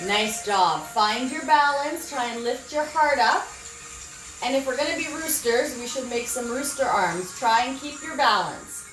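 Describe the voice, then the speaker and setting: Slow, high-voiced kids yoga teacher. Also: female voice, echoey room. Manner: encouraging, gentle instructions with praise. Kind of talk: guided children's yoga lesson.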